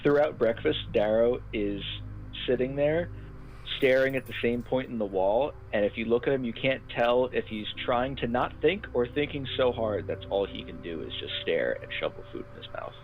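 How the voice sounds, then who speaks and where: A man's voice: medium pitch, animated, normal speed, a little hiss or hum. A man playing a tabletop game, describing his character's actions in a playful way. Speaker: player. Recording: dull lo-fi mic.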